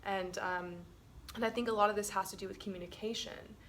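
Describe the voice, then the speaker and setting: Her mid-range voice stays steady in tone, brisk, and fairly bright as she talks casually with her partner while co-hosting a relationship webinar. She's chatty, laughs a lot, and fills her speech with "like" and "um".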